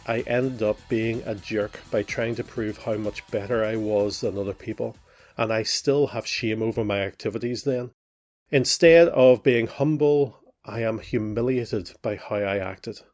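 A middle-aged man from Northern Ireland hosting his own show, reading a scripted personal account in a measured, reflective way. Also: fairly low pitch, darkish tone. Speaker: podcast host.

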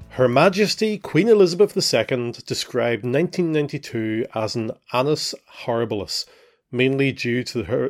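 Middle-aged male host, reflective scripted memoir read, mid-pitched voice, soft music bed. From Northern Ireland. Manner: reflective, measured storytelling. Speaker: podcast host. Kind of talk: scripted personal narration.

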